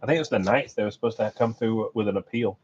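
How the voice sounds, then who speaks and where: A man hosting a casual live repair stream, talking in a relaxed, rambling way and laughing often. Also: lowish voice, quick pace, very noisy. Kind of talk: casual live stream chat while soldering. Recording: dull lo-fi stream audio.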